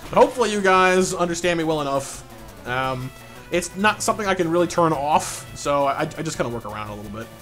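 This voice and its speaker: A man live-streaming a game and reading chat aloud, talking fast and excitably, stuttering and repeating words, laughing often. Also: fairly high pitch, soft background music.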